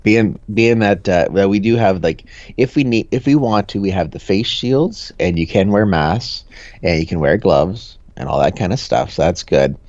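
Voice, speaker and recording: A man's voice: deep voice, lively intonation, normal speed, darkish tone, no echo. A man telling a rambling, jokey story in casual podcast chat, full of fillers and restarts. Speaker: podcast co-host. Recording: dull, dry lo-fi sound.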